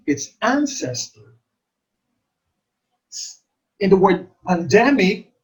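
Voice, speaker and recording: Middle-aged male teacher, unhurried, repeats key terms. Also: high voice, low-quality recording. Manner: explains slowly, repeats terms and stresses syllables. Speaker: exam review teacher. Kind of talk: teacher-exam coaching lecture.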